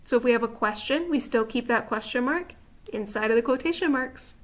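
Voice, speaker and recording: A woman's voice: a little high, brisk. A woman teacher patiently walking through slides on a grammar lesson, often checking in with the listener. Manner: patient, explanatory, asks rhetorical check-in questions. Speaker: writing teacher.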